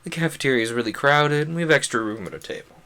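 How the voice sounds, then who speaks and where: A man voicing a laid-back, popular teenage boy in a visual novel reading, casual and rapid. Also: medium pitch, gravelly, pushed and bright, clean tone.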